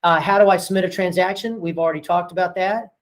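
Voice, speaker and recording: Talking fast in a high-pitched, steady tone, a male real estate broker and owner trains his agents casually on a rough recording. He tells frank stories from work, does voices to act out phone calls, and rambles chattily with plenty of fillers.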